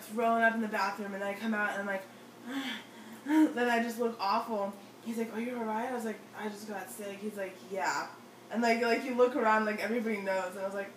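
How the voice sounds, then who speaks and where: A woman's voice: mid-range voice, a bit bright, a little hiss or hum. Chatty young woman, roomy distant sound. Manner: chatty, heavy use of "like", acts out quotes. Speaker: storyteller among friends. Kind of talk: casual storytelling chat. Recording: roomy sound, mic at a distance, faint ambience.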